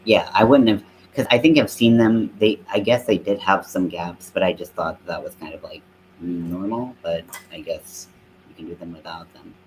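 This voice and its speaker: A man's voice: deep voice, normal speed, a little hiss or hum, poor audio. A man with a Southern American accent, chatting casually and rambling with lots of fillers while he crochets on a live stream. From Southern United States. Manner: rambling, filler-heavy, self-deprecating.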